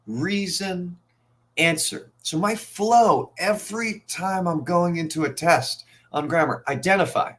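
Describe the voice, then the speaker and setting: A man with a slightly high voice teaches a live online test prep class. He reasons aloud through each question in an energetic, conversational way, tossing quick remarks to his viewers.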